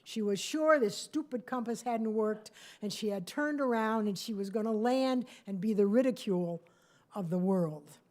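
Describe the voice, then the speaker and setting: A woman telling a story onstage in a small cafe, chatty and animated, with asides to the audience. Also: mid-range voice, moderate pace. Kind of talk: live storytelling performance.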